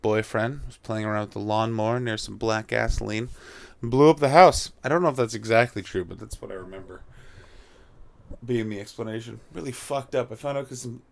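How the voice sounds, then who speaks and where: Gravelly profane man ranting on a podcast. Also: on the low side, fairly quick. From North America. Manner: profane, rambling, heats up into shouting rants. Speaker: podcast host. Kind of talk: casual comedic rant.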